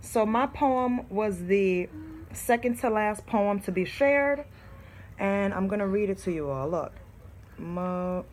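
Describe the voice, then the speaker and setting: Slow-talking emotional young New woman. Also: mid-range voice, lively intonation, a little mellow, a little hiss or hum. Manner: emotional, heartfelt, addresses viewers as y'all. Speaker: vlogger. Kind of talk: casual vlog chat, reading own poems.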